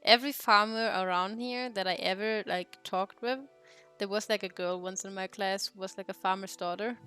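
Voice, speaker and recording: A young woman chats loosely while she draws. Her talk is rambling and giggly, with plenty of swearing, at a middling pitch. Soft music plays faintly underneath. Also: fairly even intonation, moderate pace. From Germany. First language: German. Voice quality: laughs often, swears freely, rambling. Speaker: streamer. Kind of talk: casual chat while drawing.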